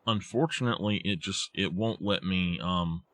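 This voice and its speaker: A man's voice: low voice, normal speed, no echo. A man, chatting casually to his viewers while playing a game live, rambling and thinking aloud. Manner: relaxed, rambling, self-talk with restarts. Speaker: game streamer.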